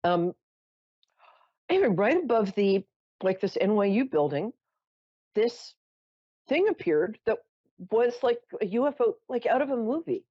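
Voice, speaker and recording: A woman's voice: fairly high pitch, very animated, a little slow, pauses often, dry recording, muffled recording. A woman hosting a psychic call-in show, telling a story in a chatty, theatrical way with self-mocking asides. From New York. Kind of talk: casual storytelling to callers.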